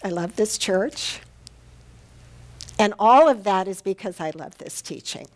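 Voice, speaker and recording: Slow-spoken woman minister preaching. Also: medium pitch, lively intonation. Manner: warm, personal storytelling with heartfelt pauses. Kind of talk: sermon. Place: church sanctuary.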